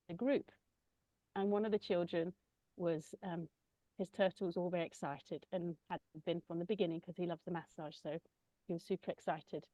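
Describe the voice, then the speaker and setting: A woman gently describing her children's massage work, pausing often with ums. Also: lowish voice, no echo, poor audio. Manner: gentle, hesitant with many ums. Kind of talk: casual conversational sharing.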